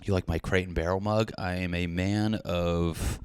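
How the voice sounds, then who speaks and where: A man in his thirties hosting a solo comedy podcast from his hot apartment, animated and swearing with jokey asides. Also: low-pitched, normal speed, clean tone, no echo. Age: 30s. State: sweating in a hot room. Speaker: podcast host. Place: small apartment with windows shut.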